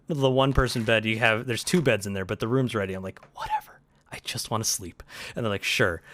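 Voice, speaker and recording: A man's voice: medium pitch, fairly bright tone. A young man in casual chat, ranting through a story with swearing and acting out both sides of the exchanges. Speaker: streamer telling a travel story.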